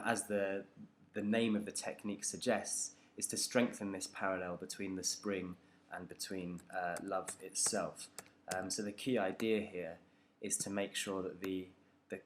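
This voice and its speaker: A man's voice: low voice, a little hiss or hum. A man teaching a poetry analysis lesson, talking it through unscripted and hesitant, with many ums and restarts.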